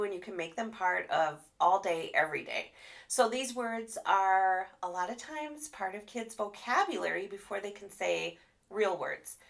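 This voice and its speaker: A woman speech therapist giving a live training talk, animated and expressive as she demonstrates sounds. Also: medium pitch, gravelly.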